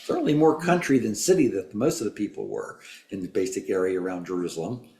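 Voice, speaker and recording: A man's voice: lowish voice, fast, a crowd in the background. A man taking part in a Bible class discussion, reflective and explaining with everyday examples. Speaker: class participant. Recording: roomy church classroom.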